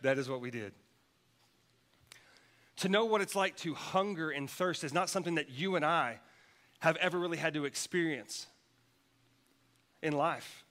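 A man's voice: fairly high pitch, moderate pace, long pauses, a bit bright. A man preaching a sermon, telling a personal story with many restarts and repeated words. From United States. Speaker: pastor.

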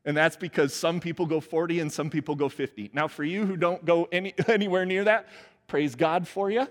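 A man preaching a sermon as pastor, conversational and animated, laughing at his own asides. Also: a little high, moderate pace. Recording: long hall reverb.

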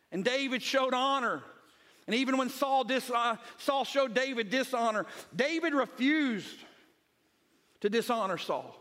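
A pastor preaching a Sunday sermon, retelling scripture as vivid storytelling and hammering points home with repeated phrases. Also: male voice, very high-pitched, a little slow, fairly bright tone.

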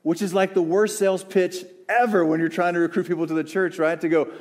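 A man preaching a sermon as the church's pastor, earnest and searching, with pauses and restarts. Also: high voice, little pitch movement. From American South. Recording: long hall reverb.

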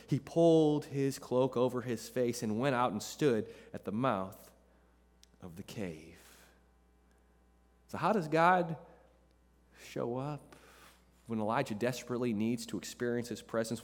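Male pastor, sermon delivery, emphatic with repetition, mid-pitched, long hall reverb. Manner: emphatic, repeats phrases for effect.

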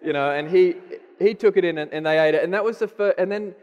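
A man's voice: high-pitched, quick pace, a little mellow, dull audio. A middle-aged man with an Australian accent giving a candid, self-deprecating sermon testimony. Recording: long hall reverb.

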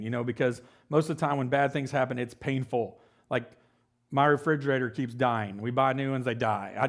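Medium-pitched with vocal fry, this man in his 40s preaches as a pastor in a relaxed, joking way. He talks conversationally and frequently asks the congregation "right?"

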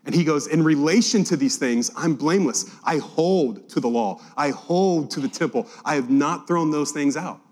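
A man's voice: on the high side, moderate pace, hardly any pauses, darkish tone. A man preaching a Bible-teaching sermon, reading scripture aloud and acting out the quotes with animation. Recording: long hall reverb.

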